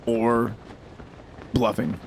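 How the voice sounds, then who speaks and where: A man's voice: mid-range voice, little pitch movement, very slow. A young adult man streaming a game, chatting casually and rambling as he answers his chat. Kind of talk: casual live-stream chat while gaming. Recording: background noise with mouse clicks.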